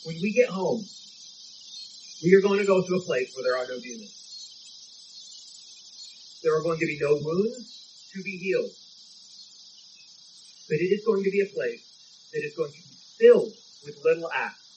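A man's voice: a little high, lively intonation, normal speed, long pauses, darkish tone, lo-fi sound, slight background noise. A man preaching a sermon, telling a story in an emphatic, conversational way. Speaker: pastor.

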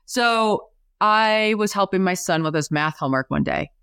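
A woman in her forties, a podcast guest telling her story in a lively way and acting out the voices she quotes. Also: moderate pace, vocal fry, clear, resonant tone, no echo, clean studio sound. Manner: animated, acts out quoted voices with big pitch jumps. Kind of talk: storytelling in a casual interview.

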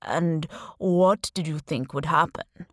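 A woman reader voices a cold male assassin in a slightly lowered voice, speaking slowly and flatly. The recording is dry and close, with no room sound. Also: dry recording. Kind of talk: audiobook character voice.

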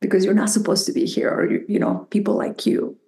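Gravelly-voiced woman with a Mexican accent. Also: medium pitch, a little fast, echoey room. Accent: Mexican Spanish. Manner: reflective, animated storytelling with quoted voices. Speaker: psychotherapist guest. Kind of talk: conversational interview.

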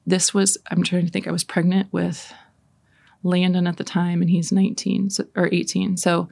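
A woman's voice: fairly low pitch, level tone, normal speed, creaky, darkish tone, no echo, studio quality. A woman in her forties hosting a Catholic prayer talk, telling family stories in a chatty, laughing way before leading prayer. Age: 40s. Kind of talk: casual faith talk with storytelling and prayer.

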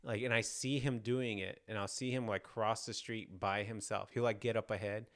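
A man in his thirties, a father and podcast co-host, telling a story in a relaxed casual chat and laughing easily. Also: on the low side, normal speed.

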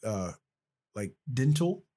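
A man's voice: mid-range voice, big pitch swings, slow, dark tone. A male podcast host talking casually and explaining at length, checking in often with "right?". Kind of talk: casual conversational podcast talk.

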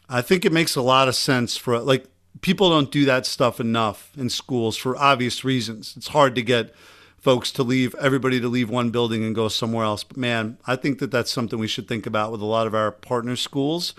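A man with a Long Island accent hosting a casual, energetic podcast conversation. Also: medium pitch, normal speed. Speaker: podcast host.

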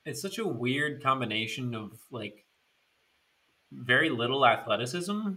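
A man's voice: medium pitch, lively intonation, measured pace, bright, forceful tone, a little hiss or hum. A man co-hosting a podcast, chatting casually with laid-back, dry wisecracks. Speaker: podcast co-host. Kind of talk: casual sports chat.

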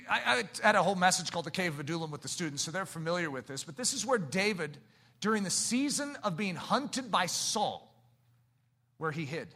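A man preaching a sermon, swinging from hushed, low passages to shouted climaxes and pressing the listeners with rhetorical questions.

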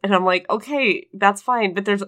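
A woman's voice: mid-range voice, normal speed. Sick-voiced woman podcast co-host. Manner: animated storyteller, acts out quoted voices. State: sick, voice lowered. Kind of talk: casual storytelling chat.

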